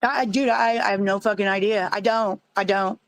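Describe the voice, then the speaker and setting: A woman's voice: mid-range voice, steady tone, normal speed, dry recording, low-quality recording. A woman arguing heatedly on a live stream panel, defensive and profane, often stumbling over her words.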